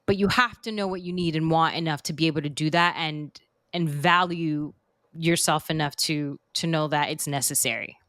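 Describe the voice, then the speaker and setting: Female co-host with a lower voice, earnest and chatty, dry close recording. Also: steady tone, normal speed, a bit bright, no echo. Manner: earnest, advice-giving, filler-heavy. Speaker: podcast co-host. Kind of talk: casual chat.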